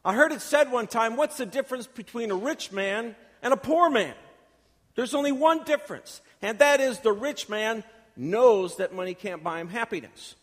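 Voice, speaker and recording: A man's voice: very high voice, moderate pace, a bit bright. A man preaching a sermon as pastor, emphatic and storytelling, acting out the quotes he tells. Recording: long reverb of a church hall.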